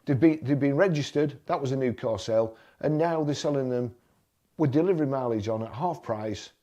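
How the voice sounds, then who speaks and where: Scrolling through car ads, this male vlogger talks fairly quickly in a mellow, medium-pitched voice over dull-sounding audio. His commentary is blunt and fed up, and he says things twice when he gets worked up.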